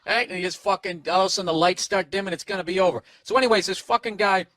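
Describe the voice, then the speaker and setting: A man with a somewhat high voice rants on a comedy podcast, sarcastic and full of swearing. He records alone in a hotel room on one microphone, and the sound is close and dry. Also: fairly even intonation, very fast, pushed and bright, dry recording. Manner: profane, sarcastic, acts out quoted voices. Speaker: podcast host. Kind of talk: casual comedic rant. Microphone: single microphone, no headphones.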